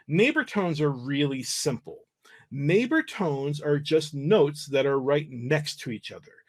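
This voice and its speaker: A man with a fairly high voice teaching flute on a livestream. He explains in a loose, easygoing way, stopping to restart his sentences and filling gaps with ums and uhs. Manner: relaxed explaining, many fillers and restarts. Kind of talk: livestream music lesson.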